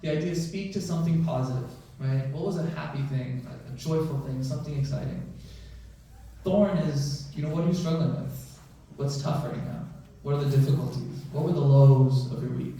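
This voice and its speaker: A man's voice: medium pitch, moderate pace, warm tone. A man who is a physician, giving a conversational talk to a mosque audience and often checking in with "right?" and "you know". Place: large mosque prayer hall. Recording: echoey hall, voice from far off.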